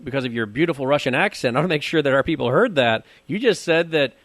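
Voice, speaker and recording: A man's voice: fairly high pitch, animated, fast talker, a bit bright, no room sound. A male interviewer who recaps and restates his guest's points. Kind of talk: documentary interview.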